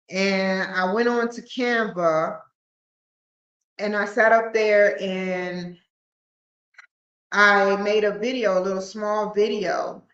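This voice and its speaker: A woman's voice: medium pitch, a bit bright. Rambling woman podcaster, roomy lo-fi sound. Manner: rambling, with frequent restarts and stumbles. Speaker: podcast host. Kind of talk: casual solo podcast talk.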